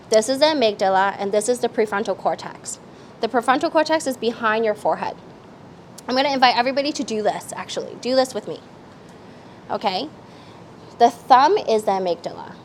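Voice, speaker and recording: A woman's voice: a little high, a little hiss or hum, low-quality recording. Woman teaching a parenting workshop. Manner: explains simply, asks the room to join in.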